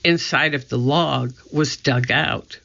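A man reading a children's storybook aloud, narrating slowly and deliberately. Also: mid-range voice, gravelly, sharp tone. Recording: dull lo-fi recording.

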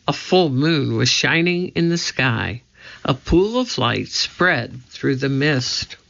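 Slow children's audiobook narrator, measured, bright tone with a gravelly edge; dull lo-fi recording. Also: mid-range voice. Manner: measured, deliberate reading. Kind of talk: scripted storybook narration.

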